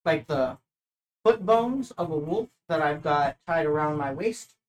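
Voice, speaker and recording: A player in a tabletop game, talking quickly and eagerly with a joking edge. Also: medium pitch, animated. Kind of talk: casual tabletop game play.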